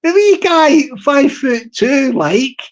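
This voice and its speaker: A man's voice: very high-pitched, lively intonation, slow pace, lo-fi sound. A young man hosting a live stream, telling a rambling comic story with lots of restarts and asides.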